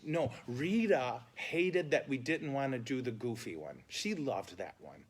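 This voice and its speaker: In a casual catechesis talk live-streamed from a funeral home, a priest with a husky, medium-pitched voice tells funny stories at an unhurried pace. He's animated and comic, leaning into mock outrage.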